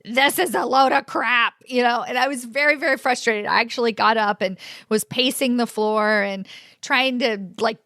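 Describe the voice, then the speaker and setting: A woman in her forties telling a personal story to her audience, animated and expressive. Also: a little high, no echo, clean studio sound. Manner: animated, expressive, laughs often. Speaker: career coach and host.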